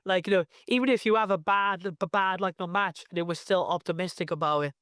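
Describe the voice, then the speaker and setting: A young Welsh man with a Cardiff accent talks in a high, clear voice. He chats loosely as an interview guest and keeps circling back with fillers and restarts. The sound is close and dry. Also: fairly even intonation, brisk, fairly bright tone, no echo. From Wales. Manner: rambling, lots of fillers and restarts. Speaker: professional wrestler, guest. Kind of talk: casual interview chat.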